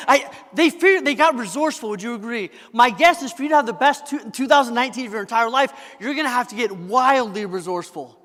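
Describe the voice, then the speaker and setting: A high-voiced man delivers a motivational keynote in a big hall, his speech ringing with long reverb. He is bright and forceful, punching each point and pressing the audience to answer him back. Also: expressive, brisk. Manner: emphatic, asks the crowd for answers. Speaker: motivational speaker. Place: large event hall.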